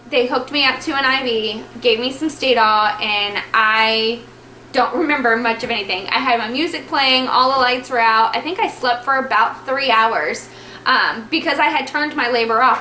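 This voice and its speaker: A woman telling a personal story to camera at home in a chatty, animated way, acting out the dialogue. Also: a little high, a little hiss or hum. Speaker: vlogger telling her birth story. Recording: echoey room, faint ambience.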